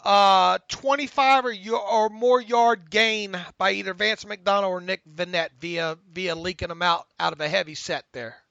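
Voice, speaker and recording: Man, podcast co-host, high voice, gravelly, bright tone, stammers, dull lo-fi sound. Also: moderate pace, few pauses, dry recording. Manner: excitable, stammers and repeats words. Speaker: podcast co-host reading listener questions. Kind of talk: casual sports talk. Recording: dull lo-fi audio.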